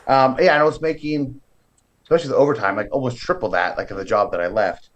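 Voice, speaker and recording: This is a California man, a pro wrestler, speaking fast in a mid-range voice on dull-sounding audio. As a guest in a relaxed interview, he tells his story with energy and mimics the voices of the people involved.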